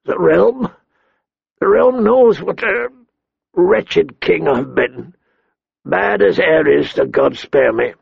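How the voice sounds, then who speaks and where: List: man doing a dying king, hoarse and gravelly, gruff, raised pitch, slow halting speech, lo-fi dry sound. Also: animated, dry recording, exaggerated voice. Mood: weak. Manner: gruff, blustering, halting with pain. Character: dying hot-tempered king, middle-aged man. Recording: dull lo-fi dry recording.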